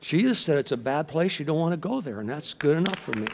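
A middle-aged man preaching a sermon as pastor, telling stories in a lively way and acting out the voices of the people in them. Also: fairly high pitch, fast talker, crowd noise, background noise. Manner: animated storytelling, acting out quoted voices. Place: large church hall. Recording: long reverb from a large hall.

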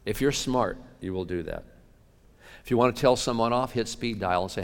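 Low-voiced pastor guy preaching, gets loud then real quiet, big echoey church hall. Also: quick pace. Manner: animated, swings from loud to hushed. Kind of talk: sermon. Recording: long reverb of a large hall.

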